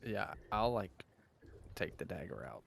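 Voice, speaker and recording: A man's voice: low voice, very animated, a little slow, creaky, breathy edge. A man playing a character in a tabletop game, talking casually and hesitantly about his moves. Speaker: player.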